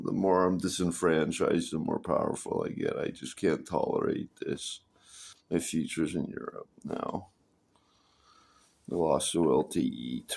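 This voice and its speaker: A man with an extremely low, gravelly voice talks in a rambling personal monologue. He stops and restarts a lot, repeats words and swears freely. His voice has a rough creak running through it. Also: a little mellow. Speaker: vlogger.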